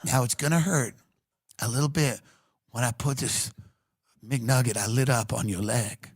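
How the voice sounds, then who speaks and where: A man voicing a soft-spoken, menacing mother who calmly coaxes her child before hurting her, in a low hushed voice. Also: measured pace, breathy edge, dry recording, clean studio sound. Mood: creepy soothing. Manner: low, hushed, creepy coaxing.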